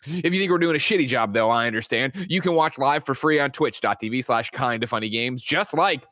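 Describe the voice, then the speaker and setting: A man hosting a daily games talk show, energetic and joking, swearing casually. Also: medium pitch, fairly quick, no echo, studio quality. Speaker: host. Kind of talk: casual show banter and show intro.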